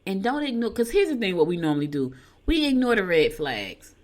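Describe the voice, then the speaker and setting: An older woman hosting a show from a home studio, chatting casually and reading horoscopes with lively storytelling asides. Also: mid-range voice, fairly quick. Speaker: radio show host.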